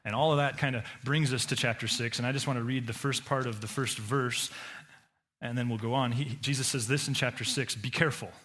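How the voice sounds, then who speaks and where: A man's voice: steady tone, brisk, a bit bright. Conversational male pastor preaching a sermon. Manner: conversational preaching with frequent repeated words and restarts; acts out quoted voices with sudden pitch jumps.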